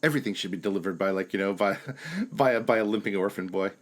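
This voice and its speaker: A man's voice: fairly low pitch, expressive, quick pace. A man co-hosting a podcast, chatting casually with lots of fillers. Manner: rambly, filler-heavy. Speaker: podcast co-host. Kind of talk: casual comedic chat.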